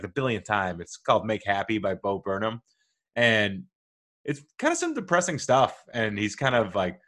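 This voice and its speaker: A man's voice: fairly low pitch, a bit bright. A young man hosting his own podcast, talking in a playful, self-mocking way with rambling asides. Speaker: podcast host. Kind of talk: casual solo podcast monologue.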